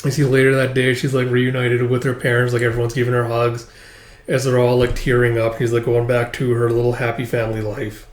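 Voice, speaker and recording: A man's voice: medium pitch, monotone, fairly quick. Casual man recapping in an echoey room. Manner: loose and rambling, full of "like". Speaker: manga reader and reviewer. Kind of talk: casual read-through recap.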